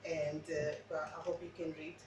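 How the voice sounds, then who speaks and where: A woman's voice: sits low, flat delivery, moderate pace, very echoey, recorded from a distance, background noise. A woman who speaks English as a second language, chatting casually through a cooking demo with lots of restarts. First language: not English. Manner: chatty, rambling, frequent restarts. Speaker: home cook. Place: home kitchen.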